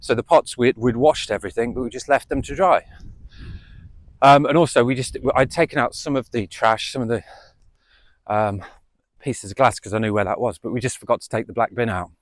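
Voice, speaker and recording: A man's voice: mid-range voice, a little fast, dry recording. A man telling a story casually to camera, rambling and repeating himself with many fillers, outdoors in the wind on a small mic. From United Kingdom. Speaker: vlogger. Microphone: small camera mic without windscreen.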